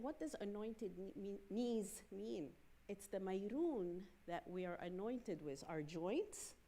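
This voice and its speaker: A woman gives a storytelling talk at a church women's day. She tells her stories in a lively way and slips into the voices of the people she quotes, with a pitch that sits in the middle for a woman.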